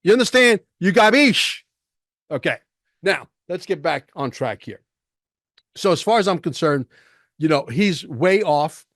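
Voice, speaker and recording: A man's voice: a little high, lively intonation, a little slow, pauses often, no room sound, clean studio sound. A man hosting a podcast, ranting emphatically with rhetorical questions and profanity as he comments on a clip. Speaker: podcast host.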